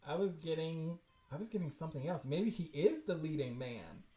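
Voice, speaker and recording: A man hosting a livestream, excitedly reading webcomics aloud and reacting with slangy chatter and frequent laughs. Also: fairly high pitch, moderate pace, echoey room.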